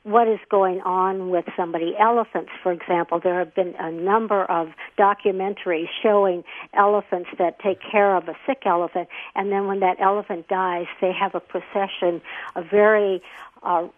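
A woman's voice: mid-range voice, fairly even intonation, normal speed, no room sound. A woman author being interviewed on a radio call-in show, explaining thoughtfully. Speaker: author and expert guest. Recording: tinny phone line.

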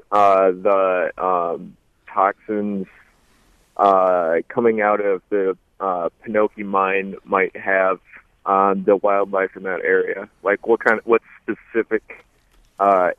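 A man with a deep, low voice calls in to a radio show and speaks slowly, with many fillers. His voice comes through a tinny phone line. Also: dry recording. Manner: halting, full of fillers. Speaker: caller. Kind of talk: radio call-in.

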